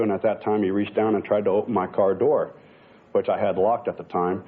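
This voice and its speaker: Fast-talking man giving rambling testimony. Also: deep voice, fairly even intonation. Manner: rambling, retells dialogue with "I go, he goes". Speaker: plaintiff. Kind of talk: courtroom testimony. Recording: tinny lo-fi broadcast audio.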